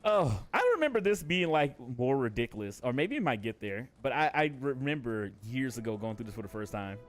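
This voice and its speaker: A man's voice: medium pitch, big pitch swings, fairly quick, faint music behind. A man chatting casually on a game live stream, laid-back and jokey, swearing and laughing often.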